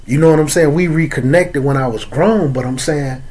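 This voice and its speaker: A man's voice: on the high side, moderate pace, darkish tone, husky. A man from Chicago with an African American English accent, hosting a loose talk on religion and laughing between points. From Chicago, USA. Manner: loose, streetwise, repeats "man" and "you know what I'm saying". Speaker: host. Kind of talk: casual religious talk to an audience.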